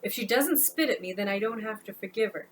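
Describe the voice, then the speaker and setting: A woman's voice: medium pitch, brisk, a little hiss or hum, natural voice. A woman voicing a weary homeless man in her own audiobook, speaking in a dry, sarcastic way. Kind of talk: audiobook narration.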